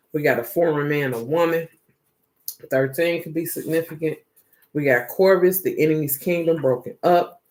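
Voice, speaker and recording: A man's voice: a little high, normal speed. Profane rambling tarot reader, man. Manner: profane, rambling, slangy and animated. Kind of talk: casual tarot reading monologue.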